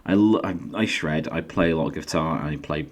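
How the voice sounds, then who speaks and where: With a brisk pace and a deep voice, this Yorkshire-born YouTube host and author chats through a casual solo vlog in a faded Yorkshire accent, cracking self-deprecating jokes as his pitch jumps lively.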